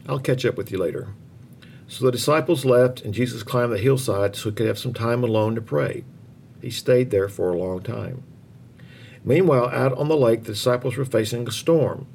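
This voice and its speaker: Gravelly man reading a Bible story. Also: medium pitch, normal speed, slight background noise. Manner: expressive, lively storytelling.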